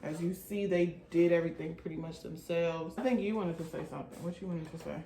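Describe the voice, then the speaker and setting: A woman's voice: on the low side, fast talker. A woman talking casually and with a teasing ease while she films her children baking in a home kitchen. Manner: relaxed, chatty, colloquial, teasing with her kids. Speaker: mother and home-schooling parent filming her kids. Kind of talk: casual home vlog chat. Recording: roomy with faint background noise.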